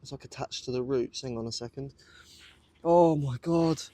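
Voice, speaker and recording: Awed and out of breath, a British metal detectorist narrates to his viewers from a muddy field, exclaiming repeatedly. He has a medium pitch, normal speaking speed and a dark tone, filmed on a camera set on a tripod.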